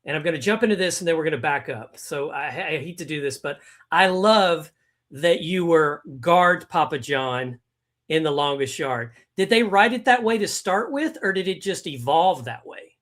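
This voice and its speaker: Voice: medium pitch, lively intonation, normal speed, a bit bright. An interview host who asks eager, rambling questions, full of restarts. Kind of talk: casual live interview.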